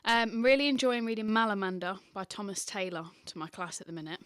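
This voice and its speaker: A woman who teaches primary school, answering interview questions in a chatty, animated way with many fillers. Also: mid-range voice, quick pace, clear, resonant tone, no echo, studio quality.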